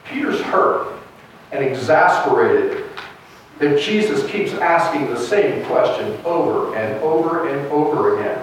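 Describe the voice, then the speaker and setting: A man's voice: a little high, lively intonation, measured pace, a little hiss or hum. A man preaching a sermon as pastor, retelling a gospel story in a storytelling way. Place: church sanctuary. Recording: echoey church from a distance.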